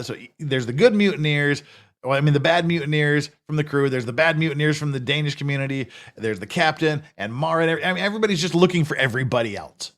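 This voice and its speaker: A man's voice: fairly high pitch, a bit bright. A man giving a casual, unscripted recap of a TV episode, rambling and correcting himself as he goes. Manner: rambling, frequent restarts and self-corrections; casual, conversational. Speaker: TV series reviewer.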